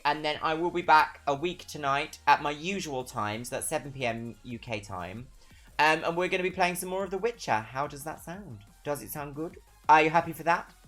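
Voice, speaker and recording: A British woman streaming, chatting casually with a giggly, rambling, self-mocking manner. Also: sits low. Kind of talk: casual chat.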